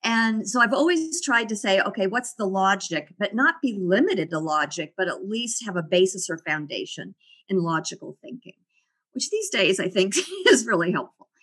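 A woman's voice: mid-range voice, big pitch swings, normal speed, fairly bright tone, breathy edge. A middle-aged woman, a guest in an interview, reflectively telling personal stories and laughing often. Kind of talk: casual interview storytelling.

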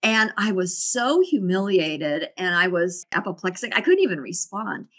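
A woman's voice: lowish voice, very animated, moderate pace, fairly bright tone. Reflective woman telling stories, laughing often. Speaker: guest. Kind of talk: casual interview storytelling.

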